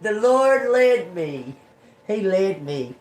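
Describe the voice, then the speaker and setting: With slight background noise, a woman live-streams from home on her phone, a tarot reader telling a rambling story full of curses and laughter. Her medium-pitched voice swings widely in pitch, slow and a little mellow.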